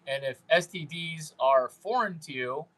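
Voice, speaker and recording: A man with a somewhat high voice hosts a livestream, talking to his viewers in an unhurried, drawn-out way. He rambles, teases and jokes crudely, now and then mimicking the people he talks to. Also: a bit bright, rough recording. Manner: brash, rambling, crude, mocking. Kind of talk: unscripted livestream chat with viewers.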